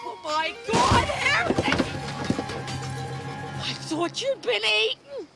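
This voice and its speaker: A shrill scolding wife in her sixties, very high voice, swoops up and down, exasperated and nagging, music under it. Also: animated, slow pace, gravelly, heavily acted. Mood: indignant. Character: shrill, nagging older wife, scorned and furious. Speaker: comedy sketch character. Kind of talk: TV sketch comedy acting.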